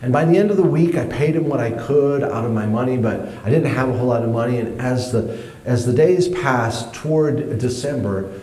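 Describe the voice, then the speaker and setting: A man telling a personal story to an audience, animated, jumping high in pitch when he acts his younger self. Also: normal speed, roomy sound.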